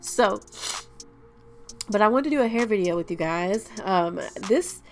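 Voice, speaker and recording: A woman's voice: mid-range voice, expressive, measured pace, a little mellow, soft background music. Congested, breathless young woman vlogger. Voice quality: nasal, stuffy-nosed. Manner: chatty, apologetic, talks to viewers as "y'all". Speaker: hair vlogger. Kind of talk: casual hair tutorial vlog. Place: at home.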